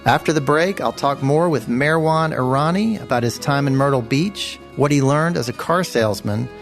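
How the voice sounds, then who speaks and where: A man hosting a podcast, reading segues and asking questions in a measured way. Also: fairly high pitch, soft background music. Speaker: podcast host. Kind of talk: interview and scripted segues.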